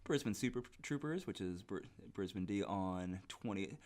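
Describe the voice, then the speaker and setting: A man's voice: lowish voice, expressive, normal speed, a little mellow. A man co-hosting a podcast, reading out standings bluntly, swearing and tripping over names. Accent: Australian. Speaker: podcast co-host.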